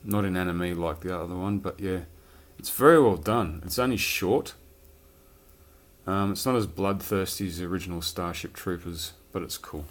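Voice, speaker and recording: Low-voiced rambling man. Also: moderate pace, a little hiss or hum. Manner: rambling, casual swearing. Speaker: collector showing his films. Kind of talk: casual chat.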